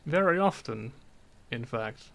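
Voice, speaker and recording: A man's voice: mid-range voice, expressive, slow, gravelly, a bit bright. A man streaming a game, chatting casually into a dynamic microphone, rambling and swearing often as he laughs through his stories.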